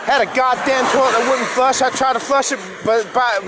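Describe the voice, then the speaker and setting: A middle-aged man ranting angrily into his phone outdoors, swearing and yelling over and over. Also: extremely high pitch, steady tone, fairly quick, very noisy. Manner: profane, yelling, repeating curses. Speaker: vlogger. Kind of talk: angry outdoor live-stream rant. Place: outdoors on a flooded street. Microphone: phone or tablet.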